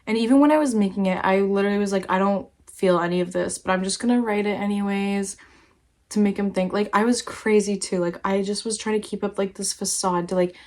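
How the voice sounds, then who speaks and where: A woman's voice: medium pitch, fairly even intonation, a little fast, a little mellow. A young woman talking casually to camera, rambling through a personal story with lots of fillers and swearing. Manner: rambling, heavy use of "like", swears freely. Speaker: vlogger.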